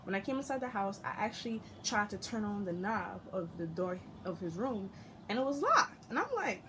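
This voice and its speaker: A young woman telling a storytime vlog, animated and profane, acting out the people she quotes. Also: medium pitch, normal speed, background noise. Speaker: storytime vlogger.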